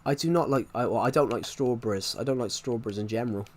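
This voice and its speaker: A young man chatting casually on a live stream while gaming, rambling and restarting his sentences. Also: mid-range voice. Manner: rambling, halting, many restarts.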